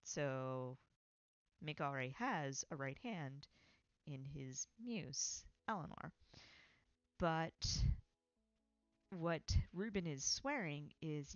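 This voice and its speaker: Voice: medium pitch, expressive, slow pace, pauses often, a bit bright, dry recording, highs cut off. Rambling writer chatting about their story. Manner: rambling, self-correcting, with frequent fillers and laughs. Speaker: writing stream host. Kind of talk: casual chat about own writing.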